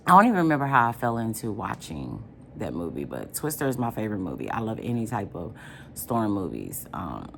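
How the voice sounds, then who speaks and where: A woman's voice: a bass voice, a little hiss or hum. A woman vlogger in casual chat, answering questions, chatty and rambling with frequent ums.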